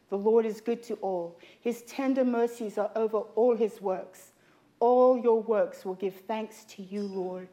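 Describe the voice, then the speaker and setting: A woman's voice: on the high side, steady tone, unhurried, dark tone. A middle-aged woman preaching a sermon in church, telling personal stories in a humorous, confiding way. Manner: humorous, confiding storytelling with laughs.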